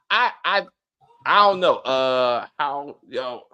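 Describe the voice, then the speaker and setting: A man hosting a casual TV review chat, animated and profane, acting out the characters' lines. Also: mid-range voice, slow, dull audio. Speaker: podcast host.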